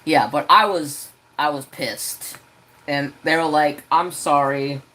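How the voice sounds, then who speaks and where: A man telling a story on his crafting livestream, talking casually from home. His delivery is animated and ranting, and he swears freely. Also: a little high, takes it slowly. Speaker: crafting channel host.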